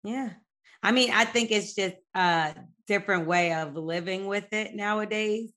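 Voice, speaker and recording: A woman's voice: medium pitch, measured pace, fairly bright tone. A young adult woman co-hosting a podcast in casual chat, blunt and joking. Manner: blunt, joking, talks frankly about sex. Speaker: podcast co-host.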